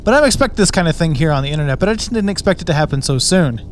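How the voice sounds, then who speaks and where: Male host, casual storyteller; hesitant delivery, fillers, slightly high-pitched. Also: animated, very fast, slight background noise. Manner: hesitant, lots of uh, chuckles at himself. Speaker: channel host.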